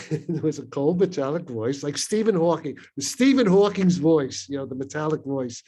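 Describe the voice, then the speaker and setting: An older man in his eighties from Brooklyn, his voice mellow and soft-edged, spins a long story on a video call. He rambles and digresses, piles up fillers and restarts, and chuckles between his points. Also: on the high side, animated, normal speed, husky. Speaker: panel guest, physicist.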